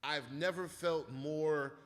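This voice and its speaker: A man's voice: fairly high pitch, takes it slowly, big-room sound. A man telling profane comic stories in casual talk, acting out quotes, who hasn't slept. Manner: animated, profane, acts out quotes. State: sleep-deprived. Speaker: comedian guest. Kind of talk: casual comedic storytelling.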